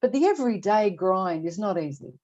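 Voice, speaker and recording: Halting older woman, dull lo-fi audio. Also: mid-range voice, animated, a little mellow. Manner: halting, restarts and repeats words. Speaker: guest expert. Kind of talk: candid podcast conversation.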